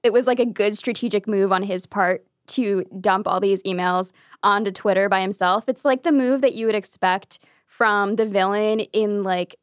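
A woman co-hosts a podcast, talking through the news bluntly and casually, with the odd swear. Her voice is mid-pitched and recorded dry and close. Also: normal speed, no room sound. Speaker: podcast co-host and reporter.

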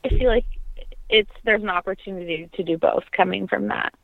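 Speaking a little fast with some creak in her medium-pitched voice, a young adult opera singer reflects warmly during an informal interview, filling her speech with fillers. The sound is tinny, as if over a phone, and has no echo.

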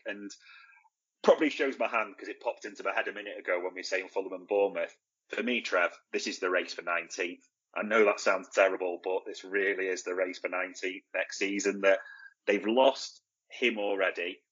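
A man's voice: deep voice, a bit bright, highs cut off. A man co-hosting a football podcast in casual chat, blunt and opinionated, asking and answering his own questions. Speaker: podcast co-host.

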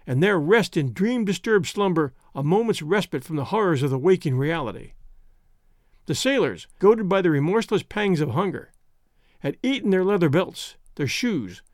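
A man narrating an audiobook in a steady, measured storytelling manner. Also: sits high, dry recording, studio quality.

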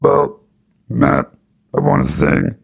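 A man putting on a mumbling, gravelly impression of a male action movie star. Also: mid-range voice, flat delivery, takes it slowly, voice pushed up, heavily acted. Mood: flat.

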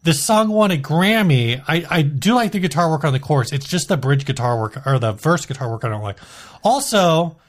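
A man's voice: fairly high pitch, lively intonation, brisk. A man co-hosting a casual music podcast, blunt and opinionated, joking as he goes. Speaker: podcast co-host. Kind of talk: casual chat.

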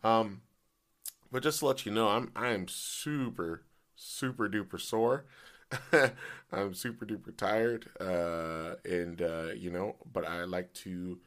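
A man hosting a casual solo podcast, his voice hoarse and cracking in and out, rambling with many fillers. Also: slow pace, fairly bright tone. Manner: pitch jumps as voice cracks. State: voice partly gone, hoarse. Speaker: podcast host.

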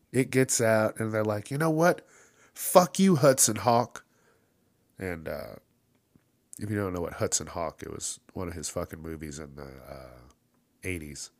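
A man hosting a casual solo podcast, ranting profanely and laughing at his own jokes, with loud mocking put-on voices for the people he quotes. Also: on the low side, dry recording, studio quality. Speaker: podcast host.

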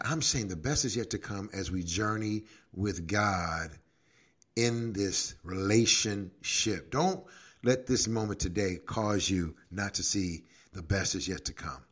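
A man who is a pastor and podcast co-host, telling stories in a casual, animated way and laughing often. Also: fairly low pitch. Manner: animated, acts out quoted prayers, laughs often. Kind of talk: casual faith talk with storytelling.

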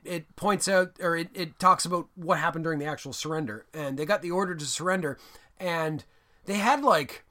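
Young male co-host, high-ish lively voice, jokey and profane. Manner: animated and jokey, swearing and breaking into bits. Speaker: podcast co-host. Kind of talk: casual film discussion podcast.

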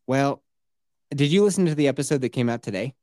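A man on a casual podcast, telling a story in a theatrical fake rage and swearing freely. His pitch leaps up and down as he gets worked up. The sound is close and dry, with no room around it. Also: fast, no room sound. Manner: animated ranting, swears a lot, mock outrage. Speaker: podcast co-host.

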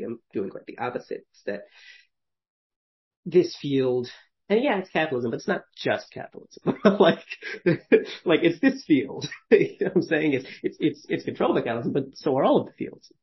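This mid-range male voice comes through lo-fi audio. He's a podcast host in his thirties who rambles through casual stories, full of fillers and frequent laughter.

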